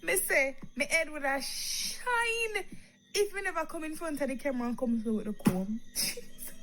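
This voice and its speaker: Woman vlogger, crying, very high lively voice, faint hiss behind. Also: normal speed. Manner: tearful, wailing, speaks in patois. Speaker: vlogger in a played clip. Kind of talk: emotional vlog.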